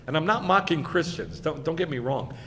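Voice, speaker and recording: A man's voice: on the high side, brisk, slight background noise. Man preaching in a reverberant hall. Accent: American. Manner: emphatic, conversational preaching with wide swings in loudness. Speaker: rabbi. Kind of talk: sermon. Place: congregation hall.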